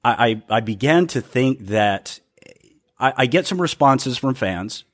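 A man's voice: medium pitch, lively intonation, a little slow. A man hosting a casual podcast, rambling and stammering, often laughing at himself. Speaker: podcast host.

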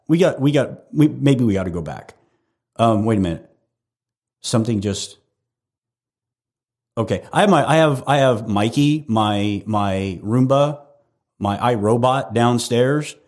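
A male podcast host rambles casually from home, swearing freely and tripping over his own restarts with a self-deprecating shrug. His pitch swings widely and animatedly. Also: darkish tone.

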